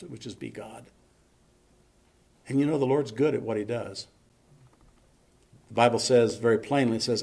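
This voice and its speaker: Gravelly preacher man delivering a sermon. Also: mid-range voice, steady tone, moderate pace, long pauses. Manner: folksy preaching, building to loud emphatic peaks. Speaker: pastor. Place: church sanctuary.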